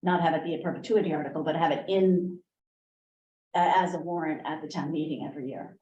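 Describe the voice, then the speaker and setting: A woman's voice: sits low, fast talker, mellow, lo-fi sound, a little hiss or hum. A woman on a town board, speaking tentatively at a meeting and thinking aloud. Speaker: selectboard member. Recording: echoey room, distant mic.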